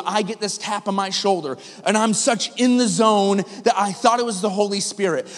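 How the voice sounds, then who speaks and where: High-voiced pastor preaching in an echoing hall. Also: male voice. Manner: animated, conversational, asks the congregation questions. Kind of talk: sermon with storytelling. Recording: hall reverb.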